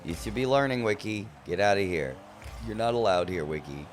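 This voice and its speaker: A man's voice: on the low side, expressive, brisk, a little hiss or hum. A man casually commentating his own gameplay on a live stream, playfully teasing his chat. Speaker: gaming streamer.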